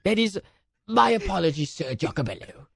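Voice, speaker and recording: A man's voice: sits high, big pitch swings, moderate pace, creaky, crowd noise, full character voice. A man putting on a pompous posh English presenter. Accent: mock English. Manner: grand, over-formal announcing. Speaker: radio co-host. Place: radio studio.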